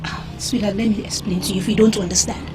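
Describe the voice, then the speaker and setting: An actress with a Nigerian accent playing a sharp-tongued young village woman in a Nollywood royal drama, scolding and mocking loudly. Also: mid-range voice, steady tone, fast, over music, lightly acted. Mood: angry scolding. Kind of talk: Nollywood film acting.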